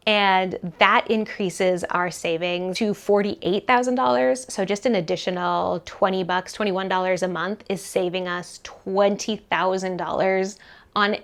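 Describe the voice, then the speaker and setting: A woman's voice: mid-range voice, unhurried. Chatty woman vlogging to camera. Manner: animated, chatty, lots of "like" fillers. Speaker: personal finance vlogger. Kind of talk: casual talk to camera. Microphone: camera mic, leaning toward camera.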